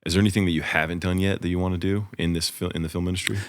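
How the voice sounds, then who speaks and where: A male podcast host with a very low, deep voice. He talks quickly and earnestly in a motivational ramble, padding his thoughts with fillers. The talk is casual and conversational. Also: flat delivery, slight background noise.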